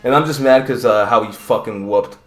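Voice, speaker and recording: A man's voice: medium pitch, fairly quick, fairly bright tone. A man giving a casual, profane and rambling recap of combat sports fights. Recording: roomy echo.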